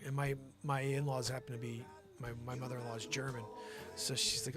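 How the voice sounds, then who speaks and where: A man hosting a casual comedy news livestream, calling out names of viewers in lively shout-outs. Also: mid-range voice, brisk. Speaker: host. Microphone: desk mic.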